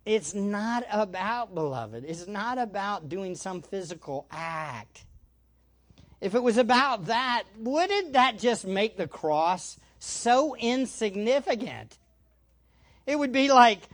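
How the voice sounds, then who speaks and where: Slow, emphatic preacher. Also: medium pitch, very animated. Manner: emphatic, asks rhetorical questions and answers them. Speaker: pastor. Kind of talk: expository sermon. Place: church room with an audience.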